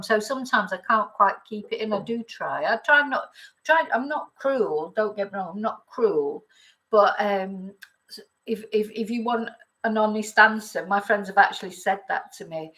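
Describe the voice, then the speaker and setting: A woman's voice: medium pitch, a bit bright, poor audio. Chatty woman host. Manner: chatty and rambling, reads viewer comments, laughs often. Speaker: YouTube chat host. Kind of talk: casual live-chat talk.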